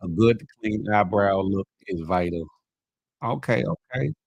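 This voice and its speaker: A man hosting a casual live morning show, chatting with viewers, laughing often and animated as he reads their comments. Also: on the low side, a little slow, vocal fry, husky, no room sound, low-quality recording. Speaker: livestream morning show host.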